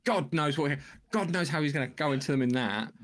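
A man's voice: on the high side, animated, fast talker, a bit bright. A man co-hosting a podcast in casual chat, blunt and sweary. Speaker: podcast co-host.

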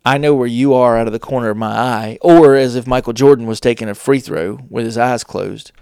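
A man hosting a casual advice talk, with deliberate pauses and playful shifts of tone. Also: mid-range voice, vocal fry, darkish tone, clear, resonant tone, no echo, studio quality. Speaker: host.

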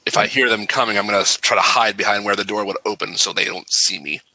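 A man playing a tabletop game, talking quickly and joking with the group. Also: fairly low pitch, pushed and bright, no echo, poor audio. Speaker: player. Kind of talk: casual tabletop play.

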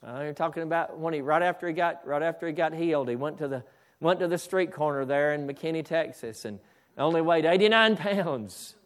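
A fervent male preacher with a high voice, preaching a sermon. He stumbles and restarts his phrases, then swells up to shouted declarations. Bursts of praise break into his flow. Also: a little fast. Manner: fervent, repetitive restarts, exclaims "hallelujah"; builds to shouting.

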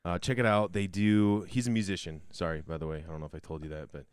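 A man co-hosting a casual podcast, relaxed, with many fillers, spelling out names slowly. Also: low voice, clean tone, no echo, clean studio sound. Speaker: podcast co-host. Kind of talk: casual chat.

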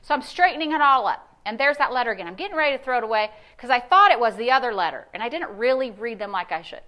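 Woman, pastor, sermon, high bright voice, animated storytelling, emphatic repetitions. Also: fast talker. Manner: animated storytelling, acts out quoted voices, builds to emphatic declarations. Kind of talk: sermon with personal testimony. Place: church sanctuary.

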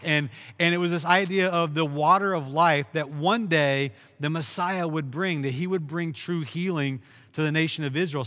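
Guy preaching a sermon, lively storytelling, gets loud on the big lines, voice a bit high, echoing hall. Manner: animated storytelling, rising to loud emphasis. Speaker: pastor.

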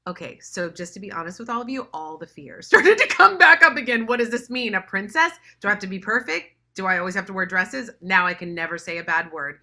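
A woman's voice: medium pitch, sing-song, brisk, pushed and bright. A woman telling a personal story in a talk, earnest and emotional, laughing at herself now and then. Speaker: speaker.

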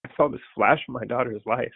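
This young man, a pastor, rambles casually on a prayer call, tearful and choked up with emotion. He talks fast in a mid-range voice with vocal fry and a breathy edge, and there's no room sound, though the phone line sounds tinny.

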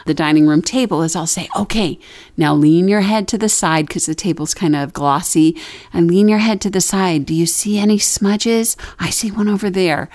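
A woman's voice: on the low side, normal speed, darkish tone. A middle-aged woman co-hosting a casual talk, chatty and practical, with many fillers. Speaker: podcast co-host. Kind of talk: casual chat.

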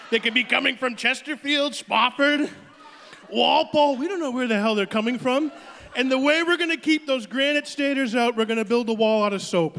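A man's voice: very high voice, a bit bright, pitched above the performer's own voice. A man doing an impression of a brash, boastful older billionaire politician on a comedy stage, in a hall with a long reverb. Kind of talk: stand-up impression.

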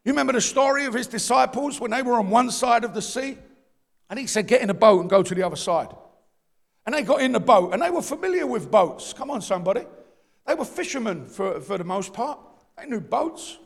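London man preaching, very high gravelly voice, bursts into shouts then drops low, long hall echo. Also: lively intonation, brisk. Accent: London English. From East London, England. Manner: impassioned, swings from shouting to low confiding talk; down-to-earth street slang. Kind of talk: sermon. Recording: long reverb of a large hall.

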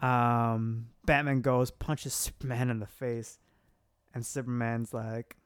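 A man in casual chat, retelling a story in an animated way and quoting the characters with laughs. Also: mid-range voice, measured pace, clean tone, no echo, studio quality. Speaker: podcast co-host recapping a story.

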